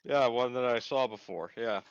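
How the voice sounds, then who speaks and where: A man's voice: medium pitch, normal speed, clean tone, faint music behind. A man streaming a game and chatting casually, a bit irritable. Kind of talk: casual chat. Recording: dull lo-fi mic.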